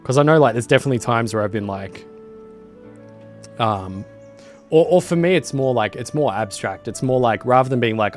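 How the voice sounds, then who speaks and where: A man's voice: fairly low pitch, moderate pace, faint music behind. A man, chatting casually and rambling while streaming a game. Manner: rambling, lots of fillers. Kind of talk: casual chat while gaming.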